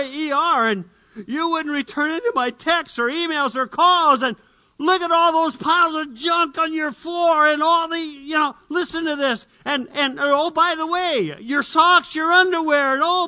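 A man's voice: sits high, bright, forceful tone, full character voice. A man voicing a nagging, demanding wife who fires off one complaint after another. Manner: rapid-fire complaining questions.

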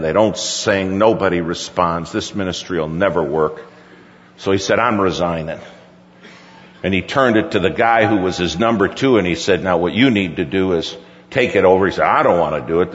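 A middle-aged male pastor telling a folksy story in a sermon, quoting his son at length. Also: sits low. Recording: dull recording with hall reverb.

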